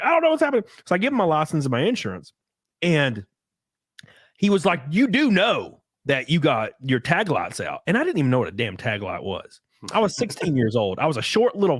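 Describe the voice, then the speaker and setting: Man, podcast host, lively swinging pitch, profane animated storyteller, dry close mic. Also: dry recording. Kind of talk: casual podcast chat.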